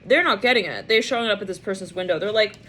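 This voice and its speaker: A woman's voice: mid-range voice, quick pace, pushed and bright. A woman giving a casual tarot reading, musing aloud in a rambling way and now and then mimicking the people she pictures. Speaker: tarot reader.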